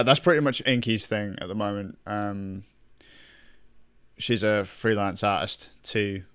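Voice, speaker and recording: A man's voice: fairly low pitch, fairly bright tone, clear, resonant tone. A young man chatting casually with his stream viewers, rambling, swearing a lot and laughing often. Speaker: gaming streamer.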